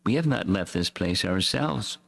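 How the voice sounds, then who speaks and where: A man reading as a calm, gentle young woman. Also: sits low, a little slow, gravelly, full character voice. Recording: echoey hall reverb.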